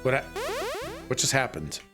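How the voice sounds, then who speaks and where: Hoarse laughing male streamer. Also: mid-range voice, moderate pace, music in the background. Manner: laughs often, loud bursts of excitement. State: voice going, hoarse. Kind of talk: casual live-stream chat.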